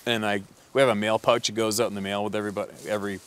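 A man's voice: on the low side, level tone, very fast, a bit bright, clear, resonant tone. A man who works as a hunting guide, telling a story in a blunt, profane, rambling way with lots of fillers. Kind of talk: casual storytelling.

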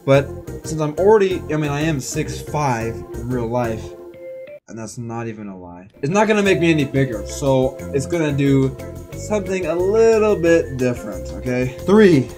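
A young man hosts a let's play, chatting and exclaiming as he plays. His pitch swings up and down, and soft game music runs underneath. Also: lively intonation, normal speed. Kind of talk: casual gameplay commentary.

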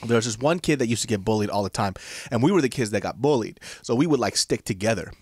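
A man in his thirties co-hosting a podcast, telling a story in an expressive, blunt and laughing way. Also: on the low side, quick pace, husky, no echo, clean studio sound. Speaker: podcast co-host.

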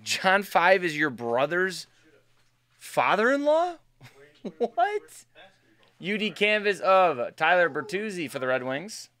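Opening packs on a live card break stream, this man banters casually with his chat. He has a high-pitched, sing-song voice that's pushed and bright, and he speaks slowly. His manner is chatty and upbeat.

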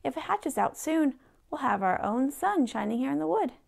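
A man voicing an eager little female elf who talks high and breathless, in a read-aloud storybook. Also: very animated, normal speed, creaky, exaggerated voice.

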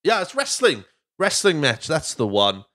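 A man's voice: fairly high pitch, wildly swooping pitch, unhurried, pushed and bright, no room sound, studio quality. A young man hosting a podcast in casual chat, rambling and jokey and swearing freely. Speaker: podcast host.

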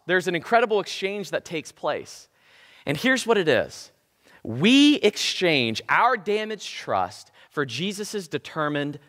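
A man's voice: fairly high pitch, fairly bright tone. Man preaching, swoops up and down a lot, big echoey church sound. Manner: impassioned, with emphatic repetition. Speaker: pastor. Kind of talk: sermon. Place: church sanctuary.

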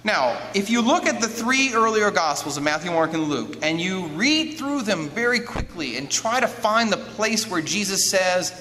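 A man lecturing an audience as an author, lively, asking rhetorical questions and acting out quotes. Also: high voice, normal speed, few pauses. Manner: acts out quoted speech. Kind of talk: lively teaching talk with a handout. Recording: long hall reverb, faint noise.

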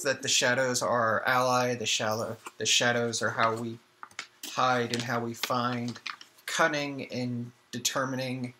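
A man's voice: medium pitch, bright, forceful tone, slight background noise. A young man chiming in dryly and matter-of-factly during a casual vlog. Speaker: co-host, husband.

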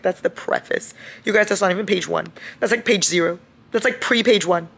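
A woman's voice: medium pitch, a little fast, gravelly, a bit bright, breathy edge. A young woman vlogging about her reading in a casual, chatty way, gushing and dramatic as she talks straight to her viewers. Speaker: book vlogger.

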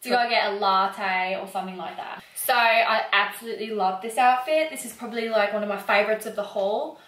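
A woman's voice: medium pitch, fairly quick, a bit bright. A young woman chatting casually and playfully through a clothing try-on haul, teasing her sister. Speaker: fashion haul vlogger. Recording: echoey room.

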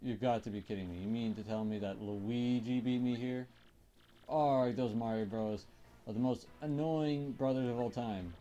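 A man's voice: medium pitch, fairly even intonation, moderate pace, dull audio, lightly acted. Bowser, a man voicing a boastful turtle king. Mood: indignant. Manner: boastful, gruff, loud. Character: bellowing brutish male turtle king villain. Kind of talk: let's play character voicing.

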